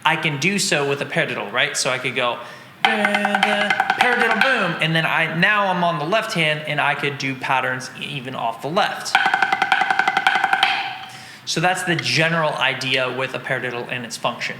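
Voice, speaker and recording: A man's voice: mid-range voice, moderate pace, echoey room, long reverb tail, over loud music. A man teaching drums, patiently explaining and counting out strokes in an instructional lesson. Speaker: drum teacher.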